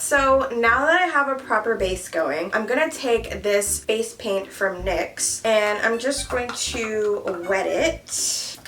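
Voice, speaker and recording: A woman's voice: a little high, takes it slowly, a bit bright. A young woman chatting casually while doing her makeup, frank and joking, cursing freely as a beauty vlogger. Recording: voice a bit far from the mic.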